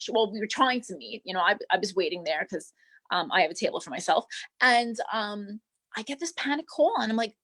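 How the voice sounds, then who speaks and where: A comic actress playing a flamboyant female manicurist to Hollywood stars, rambling through breezy gossip and calling everyone darling and doll. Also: medium pitch. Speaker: guest. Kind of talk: improvised comedy character interview.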